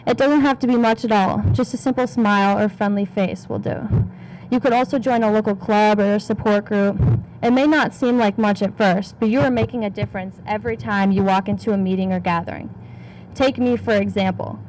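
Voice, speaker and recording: A woman's voice: medium pitch, fairly quick, a little hiss or hum, rough recording. Teenage girl reading an earnest speech. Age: teens. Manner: earnest, steady delivery. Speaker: youth speaker.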